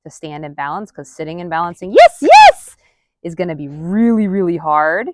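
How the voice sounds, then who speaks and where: A woman dog trainer narrating a training session, murmuring quiet asides and counts, then calling out loud, high-pitched praise to her dog. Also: brisk, slight background noise. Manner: counts softly under her breath. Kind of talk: live commentary during a dog training session.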